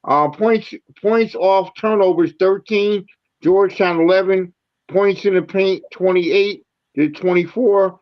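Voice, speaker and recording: A man's voice: high-pitched, slow pace, lo-fi sound. A man hosting a postgame sports talk show, reading stats with many fillers and restarts. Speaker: show host.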